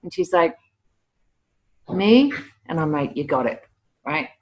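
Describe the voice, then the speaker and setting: Woman, middle-aged interview guest, lower voice, animated stories, stumbling restarts. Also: brisk, creaky. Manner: animated, repeats words when starting sentences. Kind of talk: casual storytelling interview.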